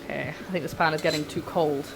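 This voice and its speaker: A young woman chatting to her viewers while cooking on a livestream in her home kitchen, excitable and a little flustered. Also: low voice, quick pace, vocal fry, background noise. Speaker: streamer. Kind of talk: casual cooking livestream chat.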